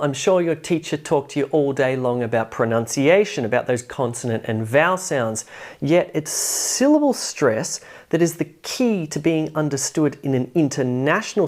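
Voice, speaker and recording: A woman teaches English pronunciation in a video lesson, speaking clearly and with emphasis. Her voice is low but very lively in pitch. She leans into example words to show where the stress falls.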